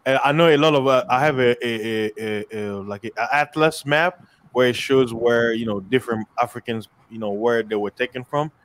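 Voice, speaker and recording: A man co-hosting a casual chat, telling stories in an animated way. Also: medium pitch, moderate pace. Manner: animated storyteller, many fillers and restarts.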